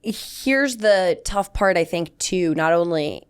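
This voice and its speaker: Young woman cohost chatting about sports, kinda low voice, lots of laughs in her stories. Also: slow pace, clear, resonant tone. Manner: chatty, animated storytelling with laughs. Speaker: podcast co-host. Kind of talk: casual sports chat.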